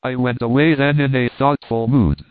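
Male narrator reading a memoir, wry delivery, smooth voice on a thin phone-like line. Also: mid-range voice, fairly even intonation, moderate pace, no echo. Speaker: audiobook narrator. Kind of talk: reading a travel memoir aloud. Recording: dry, tinny phone-like sound.

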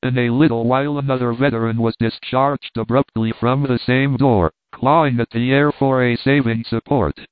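A man's voice: mid-range voice, steady tone, moderate pace, few pauses, no room sound. Wry male audiobook narrator, tinny sound. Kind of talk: reading a travel memoir aloud. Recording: dry, tinny phone-like sound.

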